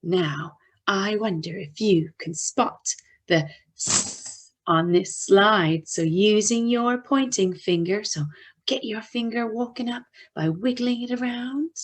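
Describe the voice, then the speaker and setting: A Canadian-accented woman teacher gives young children a slow, clear phonics lesson, stretching out each letter sound. Her voice sits at medium pitch.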